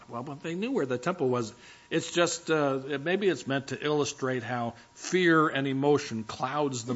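A man's voice: mid-range voice, lo-fi sound. A man preaching a sermon in a conversational, storytelling way, with frequent fillers. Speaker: pastor.

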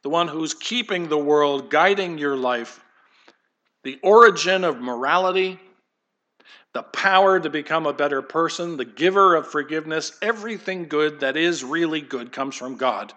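A man's voice: a little high, moderate pace, pushed and bright, highs cut off. A man preaching a sermon in church, talking in a conversational, digressive way and speaking straight to the congregation and the kids. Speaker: pastor.

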